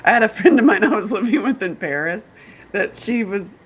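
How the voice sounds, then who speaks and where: A woman's voice: medium pitch, animated, a little fast, a little hiss or hum. A woman from North Carolina hosting a podcast, telling candid, bawdy stories in casual chat and laughing often. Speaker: podcast host.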